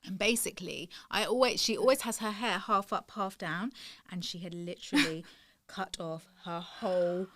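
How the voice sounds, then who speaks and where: A woman co-hosting a casual podcast chat, telling animated stories and laughing often. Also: medium pitch, moderate pace, no echo, clean studio sound. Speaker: podcast co-host.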